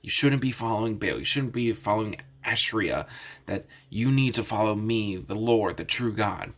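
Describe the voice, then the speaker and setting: A man's voice: on the low side, moderate pace, a bit bright. Casual man retelling a Bible story. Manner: casual and explanatory, with many restarts. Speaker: Bible teacher. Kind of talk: Bible story lesson for kids.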